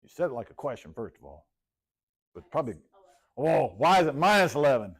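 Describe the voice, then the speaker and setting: A man teaches math in a classroom. He talks casually, cracks jokes, and repeats short phrases as he works through problems at a middle pitch. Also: sing-song, a little fast, husky.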